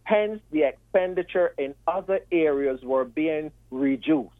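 Bajan guy on a tinny phone call, kinda high voice, slow careful questions, dry sound. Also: no room sound. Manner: measured, methodical questioning. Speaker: radio caller. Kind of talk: call-in radio discussion.

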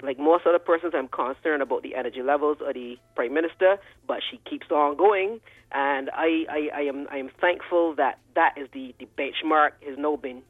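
A man with a Barbadian accent calling in to a radio talk show, animated and often repeating words. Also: mid-range voice, no echo. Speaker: caller. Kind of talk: call-in radio commentary. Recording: dry tinny phone line.

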